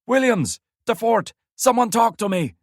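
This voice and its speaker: A frantic male guard shouts over a crackling radio, his harsh voice pushed up high and loud, put on by a man narrating. He demands answers and barks orders in short, strained bursts of an audiobook scene. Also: unhurried, no echo, clean studio sound. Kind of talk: audiobook character voice.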